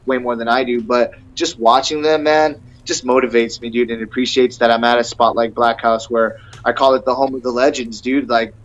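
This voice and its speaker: A man's voice: mid-range voice, flat delivery, moderate pace, few pauses. A young man, a fighter guest on a podcast, talking eagerly and rambling, with "bro" and "man" at every turn. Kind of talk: casual interview chat. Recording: dull lo-fi sound.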